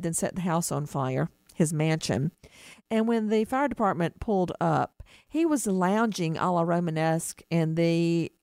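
A woman hosts a true-crime TV show in a punchy, incredulous tone. Her voice sits a little low and sounds dry and close, with no room around it. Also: a little mellow, dry recording. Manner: emphatic and incredulous. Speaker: host. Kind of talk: true-crime TV talk commentary.

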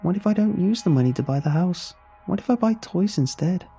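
A man's voice: sits high, lively intonation, a little fast, creaky, dark tone, husky, faint music behind, pitched above the performer's own voice, exaggerated voice. A man doing a cheeky little child. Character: cheeky young child, testing and curious. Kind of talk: horror story reading.

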